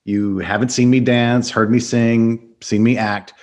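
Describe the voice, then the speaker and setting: A man hosting a casual podcast interview, upbeat and quick to laugh. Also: medium pitch, little pitch movement, a little mellow. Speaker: podcast host.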